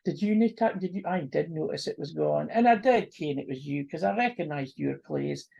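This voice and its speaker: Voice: mid-range voice, expressive, normal speed, creaky, warm tone, husky, lo-fi sound, full character voice. A storyteller voicing a jolly old minister in broad Doric. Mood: amused. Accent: North-east Scots (Doric). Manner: hearty, laughing, broad north-east Scots words. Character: jolly kind old village minister, man.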